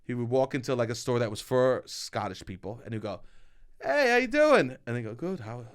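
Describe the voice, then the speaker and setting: A young man co-hosting a podcast, telling stories casually with swearing and mock shouting. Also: medium pitch, steady tone, fast talker, clear, resonant tone. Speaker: podcast co-host. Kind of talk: casual chat.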